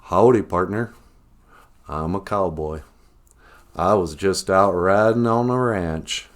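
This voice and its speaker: A man's voice: low voice, slow pace. A man voicing a stereotypical cowboy, with a folksy, drawling delivery.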